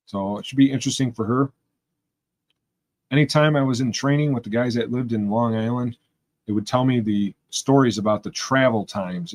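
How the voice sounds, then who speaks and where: A rambling, chatty man from Western New York, hosting a live stream and talking straight to his viewers. His voice sits at an ordinary, mid-range pitch. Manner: rambling, chatty, talks to chat. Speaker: livestream host. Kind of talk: casual chat with live viewers.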